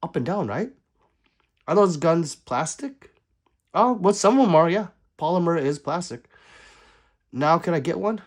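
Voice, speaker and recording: A man hosting a livestream, chatting casually and reading out viewer comments, swinging between loud remarks and quiet asides. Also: on the high side, lively intonation, measured pace, pauses often. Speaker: livestream host.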